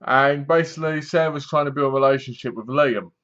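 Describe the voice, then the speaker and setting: A man talks through a horror film in a loose, rambling way, full of asides. His voice sits at a middling pitch. The recording is dull and lo-fi. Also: a little fast, fairly bright tone. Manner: rambling, chatty retelling with asides. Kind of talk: casual film review.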